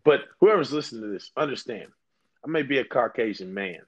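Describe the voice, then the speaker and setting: A young man co-hosting a podcast, reacting loudly and swearing a lot. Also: mid-range voice, animated, brisk, breathy edge, highs cut off. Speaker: podcast co-host. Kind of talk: casual chat.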